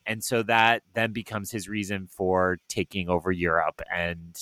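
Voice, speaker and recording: A man's voice: deep voice, little pitch movement, a little slow, sharp tone, no echo. A middle-aged man, a podcast co-host reviewing a film, talking in a wry, sarcastic, chatty way with many fillers. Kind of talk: casual chat.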